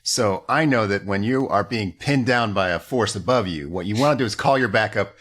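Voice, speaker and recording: A man co-hosting a comedy podcast, making deadpan jokes. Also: on the low side, fairly quick. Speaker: podcast co-host.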